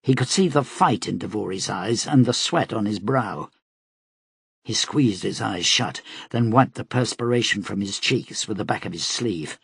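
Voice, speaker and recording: A man reading an audiobook aloud in a steady, dramatic manner as its narrator. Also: lowish voice, normal speed, gravelly, husky, no room sound, studio quality. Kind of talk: scripted narration.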